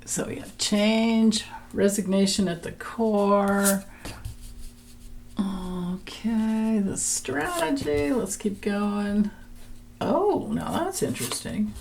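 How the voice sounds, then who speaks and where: A woman's voice: mid-range voice, extremely slow, creaky, a little mellow, a little hiss or hum. A woman giving a chatty tarot reading, laughing often and restarting her sentences as she talks. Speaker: tarot reader. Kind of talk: casual tarot reading vlog.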